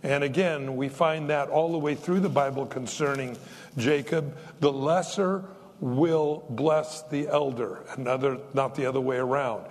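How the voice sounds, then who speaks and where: A man preaching a sermon in a folksy, animated way, with humorous asides between his points. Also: medium pitch, unhurried. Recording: long reverb of a large hall.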